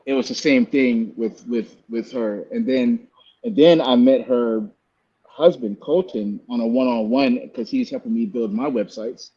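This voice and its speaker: A man telling a personal story in a loose, conversational way. He speaks at a middle pitch, jumps up in pitch when he acts out voices, and often restarts his sentences. The sound is a little dull and muffled. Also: unhurried, breathy edge. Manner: animated, acts out quoted voices, many fillers and restarts. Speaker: podcast guest telling his testimony. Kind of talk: casual storytelling testimony.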